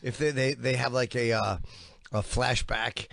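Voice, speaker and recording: A man's voice: medium pitch, steady tone, measured pace, creaky, fairly bright tone. A man co-hosting a casual podcast chat, rambling with fillers and laughing. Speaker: podcast co-host.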